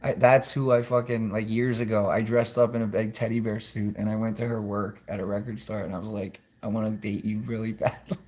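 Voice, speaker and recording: Man vlogging from home; loose, profane, rambling delivery. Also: fairly low pitch. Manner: rambling, profane, frequent restarts. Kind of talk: casual rambling monologue.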